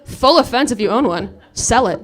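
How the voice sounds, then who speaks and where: A woman's voice: on the high side, lively intonation, moderate pace. A woman in her late twenties performing a comedic sung story live on a saloon stage, wry and profane, with spoken asides between verses. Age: late 20s. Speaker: comedic singer-songwriter. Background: her own ukulele accompaniment.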